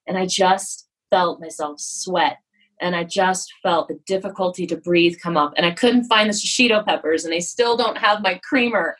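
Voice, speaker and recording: Woman, husky breathy voice, somewhat low, frank, self-deprecating, conversational storyteller. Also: normal speed, fairly bright tone, poor audio. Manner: frank and self-deprecating, acts out her own quotes. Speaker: yoga studio guest.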